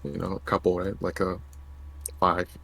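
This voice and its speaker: A man's voice: deep voice, monotone, moderate pace, vocal fry, fairly bright tone, breathy edge, no echo. A man playing a tabletop role-playing game, talking in a hesitant way with lots of fillers and tag questions. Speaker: player. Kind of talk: tabletop role-play as a player.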